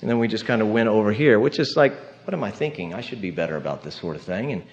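Pastor preaching, muffled recording. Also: male voice, fairly low pitch, lively intonation, quick pace. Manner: conversational, storytelling with tag questions. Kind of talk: sermon.

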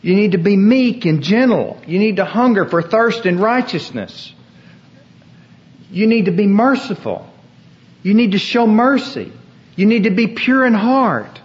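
A man's voice: high-pitched, lively intonation, unhurried, muffled recording. A man preaching a sermon as pastor, with an emphatic, repetitive cadence.

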